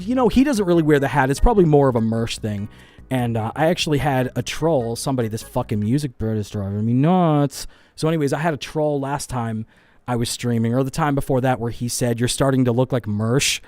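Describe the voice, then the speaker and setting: A man's voice: mid-range voice, a little mellow, no room sound. A man hosting a casual live stream at a studio microphone, reading chat aloud, rambling, swearing often and poking fun at himself. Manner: rambling, swears a lot, self-deprecating. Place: home studio with lights.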